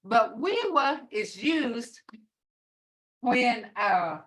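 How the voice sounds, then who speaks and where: Older woman teaching slowly on a video call. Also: a little high, sing-song, a bit bright, recorded from a distance. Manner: patient, repeats words slowly to demonstrate tone. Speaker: language teacher. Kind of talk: online beginner language class.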